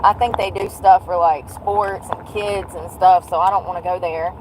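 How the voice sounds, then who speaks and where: A woman's voice: on the low side, moderate pace, noisy background. A woman, chatting bluntly and jokingly to a livestream from her car. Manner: blunt, joking and animated, with frequent laughs. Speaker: livestream vlogger. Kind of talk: casual chat to a livestream.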